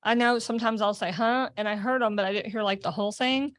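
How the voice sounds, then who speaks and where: A woman co-hosting a podcast interview, chatty and quick to laugh. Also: on the high side, steady tone, dry recording, studio quality. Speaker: podcast co-host. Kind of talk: casual interview chat.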